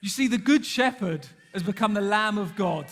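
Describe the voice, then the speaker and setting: A man's voice: high voice, animated, moderate pace, fairly bright tone, faint music behind. A man preaching a sermon, telling stories and asking the congregation questions. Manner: conversational storytelling, asks the congregation questions. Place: church hall. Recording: long church hall reverb.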